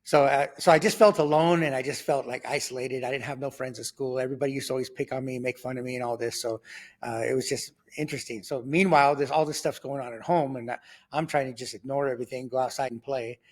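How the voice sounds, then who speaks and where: A man in his sixties telling his life story in conversation, lively and rambling, with lots of fillers and sudden jumps in pitch when he acts out other people's voices. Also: quick pace. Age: 60s. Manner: loose and rambling, full of fillers and restarts. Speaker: guest sharing his testimony.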